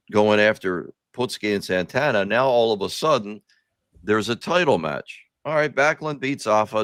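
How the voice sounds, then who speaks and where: A man's voice: lowish voice, a bit bright, no room sound, clean studio sound. Rambling, salty-mouthed male host. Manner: rambling, profane, nostalgic. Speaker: podcast host. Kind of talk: casual chat.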